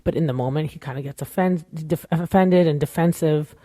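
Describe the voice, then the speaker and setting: Speaking a little fast, a woman with a deep, mellow voice hosts a podcast, recorded cleanly in a studio with no echo. Her show recap is a candid, rambling, opinionated chat full of "like" and "you know."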